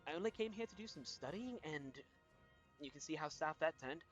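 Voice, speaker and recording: A man's voice: a little high, lively intonation, a little fast, fairly bright tone, faint music behind. A man voicing a chatty, flustered female gnome scholar who rambles and apologizes.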